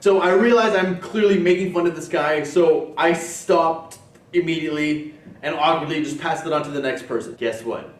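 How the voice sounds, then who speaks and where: A young man telling comic stories in a sarcastic, swearing rant, his voice pitched a bit high for a man. He sits well back from a camcorder mic, so the sound is roomy and echoey. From Persian family background. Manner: sarcastic, profane, fast-talking. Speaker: vlogger. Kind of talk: comedic storytelling rant. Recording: roomy, distant camcorder audio.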